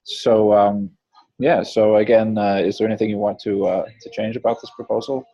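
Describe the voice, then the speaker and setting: A man's voice: fairly low pitch, fairly even intonation, normal speed, no echo, dull audio. A man leading a meeting in casual talk, hesitant, with many fillers and hums. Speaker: meeting facilitator.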